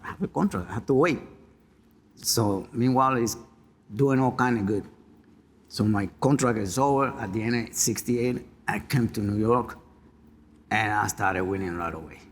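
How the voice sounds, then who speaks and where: A man, a retired jockey on a panel, recalling his career in an unhurried way. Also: fairly low pitch, long reverb tail, slight background noise. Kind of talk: anecdotal panel talk.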